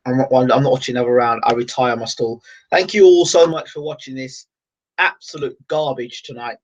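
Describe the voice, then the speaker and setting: A man giving live fight commentary on his own channel, exasperated and ranting, now and then breaking into excited shouting. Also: mid-range voice.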